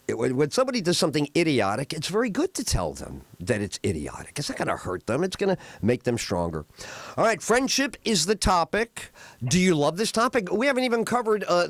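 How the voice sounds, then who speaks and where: A man's voice: on the high side, no room sound. A middle-aged man hosting a talk radio show, telling rambling stories with lots of restarts while tearing up. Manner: emotional, rambling storytelling with restarts. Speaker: radio host. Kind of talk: casual talk radio monologue.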